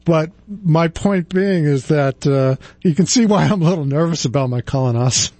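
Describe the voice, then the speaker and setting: Husky man telling a rambling story. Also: a little high, moderate pace, few pauses, warm tone, dry recording. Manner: rambling, self-deprecating, chuckles often. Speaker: radio show host and retirement planner. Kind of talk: casual anecdotal storytelling.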